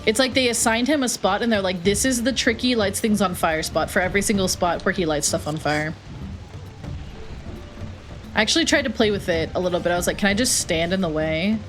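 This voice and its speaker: A woman's voice: medium pitch, brisk, faint music behind. A young woman streaming a retro game, chatting casually, joking and answering chat. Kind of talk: casual live-stream chat while playing.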